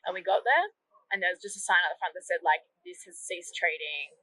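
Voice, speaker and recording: A woman's voice: fairly low pitch, expressive, rapid-fire, fairly bright tone, dry recording, low-quality recording. A young woman from Australia, chatting casually and peppering her speech with "like". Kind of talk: casual chat.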